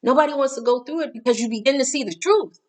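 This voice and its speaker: A woman's voice: high-pitched, fast talker, a little mellow. A middle-aged woman hosting a casual spiritual talk, candid and emphatic, repeating herself and cursing now and then.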